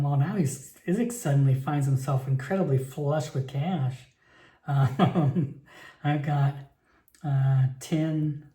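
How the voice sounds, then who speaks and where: A man's voice: fairly high pitch, warm tone. A man playing a solo tabletop game and narrating it in a rambling, chatty way, full of fillers and restarts, recorded in an echoey room.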